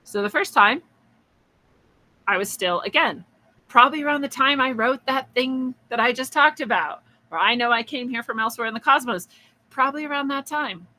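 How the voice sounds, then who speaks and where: Bright-voiced woman rambling through a spiritual story on her podcast, lots of likes and little laughs. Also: high voice, moderate pace, poor audio. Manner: musing, chatty, laughs often, many likes and restarts; acts out quoted voices. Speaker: podcast host.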